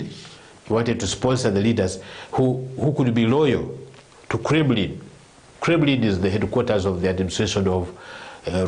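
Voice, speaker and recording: A man, explaining world affairs at length as a commentator on a live talk show, with frequent restarts and repeated words. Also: lowish voice.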